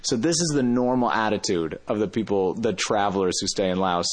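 A man's voice: on the low side, fairly quick. A man telling a travel story in a casual interview, rambling and often correcting himself mid-sentence. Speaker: interview guest.

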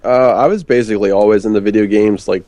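A man with a Philadelphia accent answers interview questions. His replies are short and matter-of-fact. His voice is low and mellow, and the sound is dry and close. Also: fairly even intonation, fast, no room sound. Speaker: guest.

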